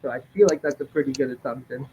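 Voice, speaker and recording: A man co-hosting a casual live stream from home, chatting in a relaxed way with frequent fillers. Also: mid-range voice, fast. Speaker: co-host of a live draft stream. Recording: tinny lo-fi stream audio with faint noise.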